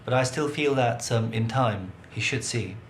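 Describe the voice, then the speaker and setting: A man working as an eye surgeon, speaking calmly and reassuringly with frequent ums, in a documentary interview and at a patient's bedside. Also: mid-range voice, normal speed, a little hiss or hum. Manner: calm, reassuring, hesitant with ums.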